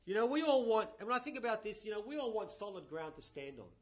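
A man's voice: high-pitched, big pitch swings, quick pace. A man preaching a conversational sermon, with lots of 'you know' and emphatic bursts. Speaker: pastor. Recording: dull lo-fi recording.

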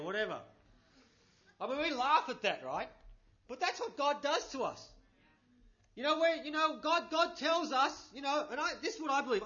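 Male pastor, conversational sermon, bright ringing high voice. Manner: conversational, many 'you know' fillers, rising emphatic bursts. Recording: dull lo-fi recording.

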